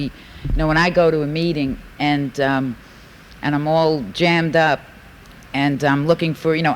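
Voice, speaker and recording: A woman's voice: low voice, low-quality recording. Heartfelt New woman sharing on tape. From New York. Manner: rambling, heartfelt, full of fillers. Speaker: convention speaker. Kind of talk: recovery share at a convention. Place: large convention hall. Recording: faint hiss from a 1980s tape.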